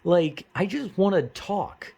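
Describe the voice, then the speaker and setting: A man's voice: high-pitched, expressive, slow, gravelly, warm tone. A young man rambling in an unscripted monologue, blunt and profane, with frequent stammers and restarts. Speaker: vlogger.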